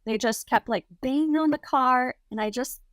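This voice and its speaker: A woman's voice: sits high, moderate pace, fairly bright tone, clear, resonant tone, dry recording, studio quality. A young adult woman, a podcast guest, telling a story casually with lots of "like" and acted-out quotes. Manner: chatty, lots of "like", acts out quotes. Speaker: guest, content creator.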